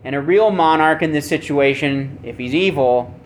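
A man preaching a sermon with emphasis, asking rhetorical questions and swinging between loud and soft. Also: fairly high pitch, moderate pace, a little hiss or hum. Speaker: pastor.

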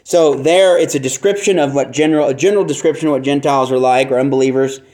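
A man's voice: medium pitch, fast, a little mellow. A man preaching an expository sermon, earnest and emphatic, teaching verse by verse with rhetorical questions. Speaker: pastor.

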